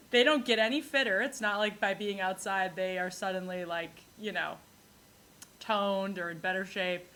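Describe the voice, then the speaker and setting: A woman from New York hosting a podcast, telling comic stories in a rambling, animated way and laughing often. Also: mid-range voice, a little slow. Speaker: podcast host. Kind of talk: comedic solo monologue.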